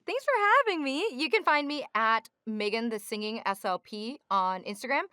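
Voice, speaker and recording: High, bright, giggly woman guest. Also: animated, normal speed, smooth, no echo, studio quality. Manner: giggly, self-deprecating, swears casually. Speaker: guest, voice actor and speech pathologist. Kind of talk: casual chat.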